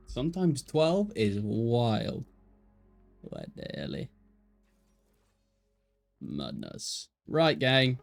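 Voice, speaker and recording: A man's voice: medium pitch, wildly swooping pitch, drawn-out words, gravelly, pauses often, soft background music. A young man with an English Midlands accent, chatting and joking casually as an esports caster on a live stream.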